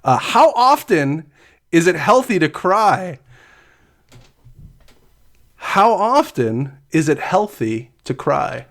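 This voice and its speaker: A man's voice: on the high side, sing-song, slow pace, vocal fry, pauses often, fairly bright tone. A man co-hosting a podcast in casual chat, hesitant, with many restarts. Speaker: podcast co-host.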